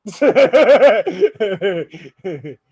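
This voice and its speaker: A young adult man hosting a podcast, telling stories in an animated way, laughing often and quoting people. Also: high-pitched, extremely slow, breathy edge. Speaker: podcast host. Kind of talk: casual podcast storytelling.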